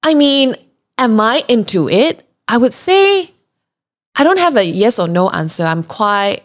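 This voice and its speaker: A young adult woman hosts a podcast, her voice a little high and a little slow. She tells a travel story casually and with animation, chatty and full of laughs, fillers and plenty of "like"s.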